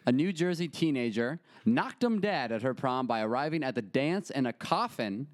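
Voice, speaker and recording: A man's voice: mid-range voice, expressive, normal speed, no echo. Crude, joking man in casual chat. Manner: joking, crude, laughs a lot. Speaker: podcast co-host.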